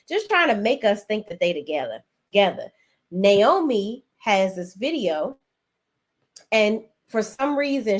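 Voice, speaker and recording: A woman hosting a casual recap chat, animated, acting out characters' lines in a raised voice. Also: mid-range voice. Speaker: show review host.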